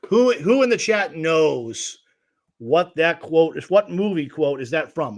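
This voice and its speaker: A man's voice: fairly high pitch, lively intonation, measured pace, muffled recording. A man teaching guitar rhythm on a livestream, patiently explaining and counting beats aloud. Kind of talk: livestream music lesson.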